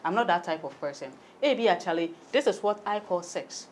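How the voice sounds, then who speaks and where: A woman's voice: lowish voice, lively intonation, fairly quick, a little hiss or hum. A woman with a Ghanaian accent speaking frankly on a podcast panel, mixing English and Twi. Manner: forthright, mixes English and Twi. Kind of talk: casual panel discussion.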